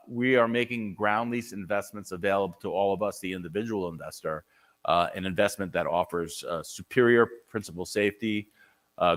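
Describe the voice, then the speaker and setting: Energetic man giving a conference pitch. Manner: energetic, repeats and restarts often, conversational pitch. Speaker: conference presenter. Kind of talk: live conference presentation with audience Q&A. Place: conference hall.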